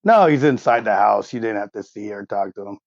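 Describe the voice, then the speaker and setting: Gravelly man running a tabletop game. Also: lowish voice, expressive, brisk, dry recording. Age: 40s. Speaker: game master. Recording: dull, lo-fi sound.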